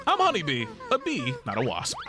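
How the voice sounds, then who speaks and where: A man's voice: on the high side, huge pitch swings, a little fast, music in the background. A man voicing a sweet, flirty female bee from a video game, in a raised, sugary voice.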